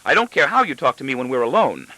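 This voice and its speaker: Brief: male reader doing a shrill, vehement wife, pitched way up, storybook reading. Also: wildly swooping pitch, slow pace, pushed and bright, no room sound, full character voice, poor audio. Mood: shrill indignant. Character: shrill, indignant middle-aged wife.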